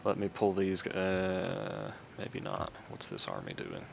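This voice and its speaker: A man hosting a gaming video, giving relaxed commentary and thinking aloud as he plays. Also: deep voice, slow pace, creaky, highs cut off, background noise. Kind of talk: casual game commentary.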